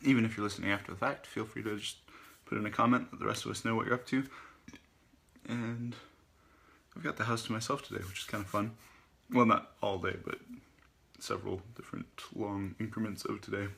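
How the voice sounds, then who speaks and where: Chatty, self-mocking man, gravelly and bright, author reading his book. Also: on the low side, fairly even intonation, brisk. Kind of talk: casual podcast chat and book reading.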